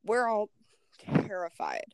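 Young woman podcast host, casual and animated, acts out the quotes; mid pitch, dry recording. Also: slow, clean tone, no echo. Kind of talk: casual storytelling chat.

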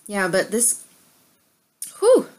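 A woman's voice: mid-range voice, huge pitch swings, very slow, a little mellow. A woman co-hosting a podcast in casual chat, giving dry, teasing reactions and reading fun facts. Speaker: podcast co-host.

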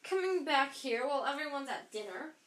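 Woman voicing a pompous prefect boy, scolding, slow, echoey room. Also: high-pitched, animated, distant mic, pitched above the performer's own voice.

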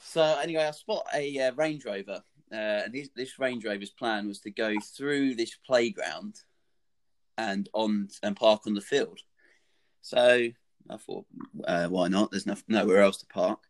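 A young man telling a funny anecdote in a casual, animated, sweary way, laughing along as he goes. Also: on the low side, measured pace.

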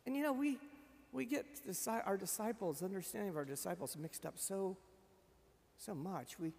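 A middle-aged man, a pastor preaching at a memorial service, telling a story with animated swings from loud emphasis to quiet. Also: high-pitched, moderate pace, creaky. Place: church sanctuary. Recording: long reverb of a church hall.

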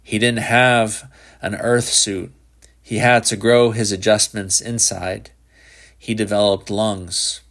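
A man's voice: lowish voice, little pitch movement, slow pace, a bit bright. A man voicing an exasperated father who speaks sharply and insists on hard truths. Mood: stern.

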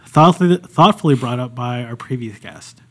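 A young man co-hosting a podcast, chatting in a relaxed, loose and joking way. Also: medium pitch, moderate pace. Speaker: podcast co-host. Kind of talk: casual podcast chat.

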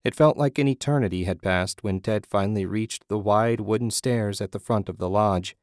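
A man narrating a horror story in a steady, measured reading. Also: fairly low pitch, no echo, studio quality.

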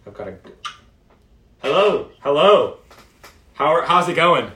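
A man's voice: on the high side, sing-song, measured pace, sharp tone, poor audio. Laid-back young male podcast host. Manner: laid-back, hesitant, with many fillers. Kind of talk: casual chat.

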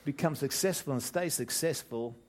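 An Australian man preaching from the pulpit with a mid-range voice that swells loudly on key words. He tells jokes, breaks off and restarts his sentences, and keeps an easy, lively sermon rhythm. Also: medium pitch, normal speed. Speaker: pastor.

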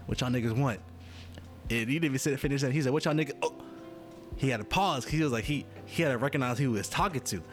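A man rambles casually to his audience, cursing freely and cutting himself off mid-sentence. His pitch swings widely as he talks. Faint music plays underneath. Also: animated, rapid-fire. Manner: rambling, profane, self-interrupting. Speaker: vlogger. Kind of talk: casual monologue.

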